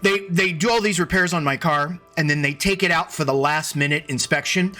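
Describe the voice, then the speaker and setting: A man's voice: high-pitched, a little fast, few pauses, pushed and bright, soft background music. A man hosting a casual live stream, rambling and restarting his sentences as he greets viewers by name. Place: at home computer.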